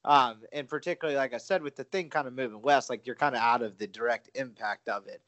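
A man's voice: mid-range voice, fast, fairly bright tone. A man co-hosting a sports betting podcast in casual, self-deprecating, rambling chat. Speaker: podcast co-host.

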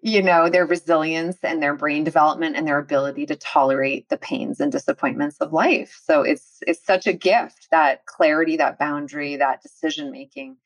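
Woman podcast host with a low voice and a dry, close sound, encouraging and thoughtful. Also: fairly even intonation, normal speed, hardly any pauses, no echo, rough recording. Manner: warmly affirming, long winding questions. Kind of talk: interview podcast hosting.

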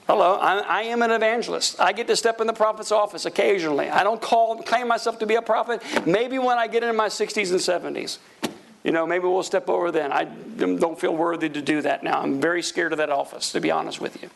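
A gravelly, raised-pitch man in middle age preaching a sermon. He calls out to the congregation for amens and swings his voice up and down as he goes. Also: fast. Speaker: pastor.

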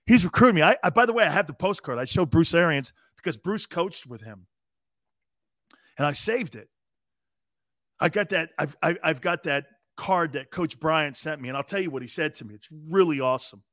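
Telling a laugh-filled, meandering story on his live show, a host in his fifties acts out every quote himself. He speaks at a normal speed in an animated, slightly bright voice on the high side. The recording is dry and clean, with studio sound.

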